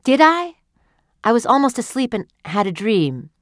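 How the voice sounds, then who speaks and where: A woman's voice: fairly high pitch, big pitch swings, normal speed, no echo, clean studio sound, pitched above the performer's own voice. A woman voicing an eager, wondering alien wife who tells of a strange dream, in a read-aloud story. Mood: excited.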